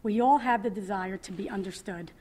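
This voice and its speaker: A woman in her thirties reads her own testimony aloud as a mother at a public event, speaking earnestly and with feeling, often pausing. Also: mid-range voice, a little mellow. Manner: emotional, earnest, with pauses. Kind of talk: reading a personal testimony aloud.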